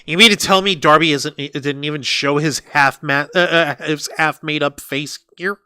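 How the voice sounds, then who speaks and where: A man's voice: a little high, steady tone, normal speed, pushed and bright, clear, resonant tone, no room sound. A man co-hosting a wrestling review podcast, ranting with profanity and sarcasm. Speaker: podcast co-host. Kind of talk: heated wrestling review chat.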